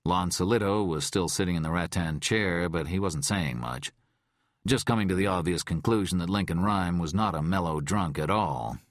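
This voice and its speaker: A man narrating a thriller audiobook in a measured, expressive read. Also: low voice, no echo, studio quality. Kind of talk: scripted narration.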